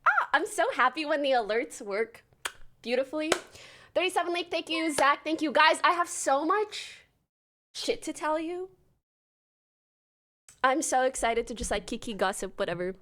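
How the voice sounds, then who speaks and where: Young woman streamer chatting away at her desk mic, high bright voice, bubbly and fast with the thank-yous. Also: lively intonation. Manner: bubbly, chatty, reads out names quickly. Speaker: livestreamer. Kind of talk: casual livestream chat.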